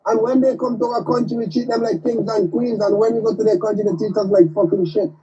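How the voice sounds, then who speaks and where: A man's voice: high-pitched, fairly even intonation, fast talker, warm tone, breathy edge. Exasperated man on a distant, muffled call. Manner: exasperated, repeats himself, says "man" often. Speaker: caller. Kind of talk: emotional call-in rant.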